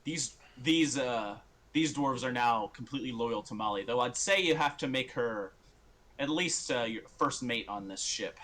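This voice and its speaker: A man voicing a worldly, generous pirate king who speaks low and quiet in measured advice. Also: lively intonation. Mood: advising.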